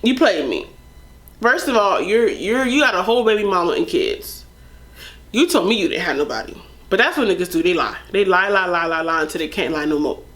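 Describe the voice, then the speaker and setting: A young woman vlogger tells a personal story straight to her viewers. She talks in an animated, candid way, her sentences loose and filled with "like" and "you know." The delivery is casual and conversational. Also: on the low side, brisk.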